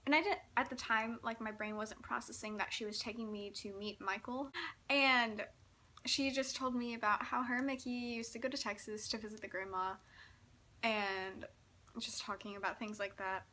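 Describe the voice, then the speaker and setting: A young woman telling a story in a casual vlog, giggling often and talking in an excitable, breathless way full of fillers. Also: a little high, moderate pace. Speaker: vlogger.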